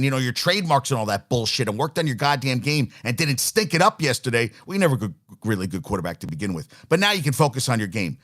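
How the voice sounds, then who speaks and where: Animated, exasperated sports talk host, a man. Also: medium pitch. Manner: animated, exasperated, swears freely. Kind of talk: opinionated sports radio rant.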